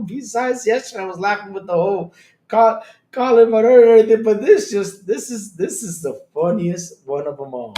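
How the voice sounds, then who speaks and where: A man's voice: high voice, background noise. A man hosting a casual live stream, talking straight to his chat, swearing and breaking into laughter all the time. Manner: talks to chat directly, animated and excitable. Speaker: streamer host. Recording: roomy echo.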